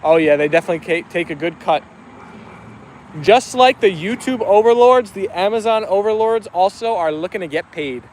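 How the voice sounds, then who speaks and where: High-voiced chatty man streaming outdoors. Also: moderate pace, slight background noise. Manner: chatty, reads viewer comments aloud and answers them. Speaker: live-stream host. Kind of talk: casual live-stream chat. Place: outdoors with his dogs.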